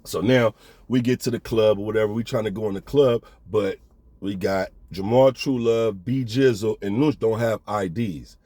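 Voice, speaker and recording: A man's voice: fairly low pitch, moderate pace, dark tone, dry recording. Laid-back slangy man telling a story. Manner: laid-back, slangy, addresses listener as big baby. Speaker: storyteller host. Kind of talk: casual storytelling.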